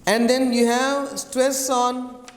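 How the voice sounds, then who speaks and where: A man's voice: very high voice, level tone. A male teacher giving a classroom lesson on word stress, repeating key words and phrases as he drills them. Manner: repetitive, drills words slowly. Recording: echoey long-reverb room.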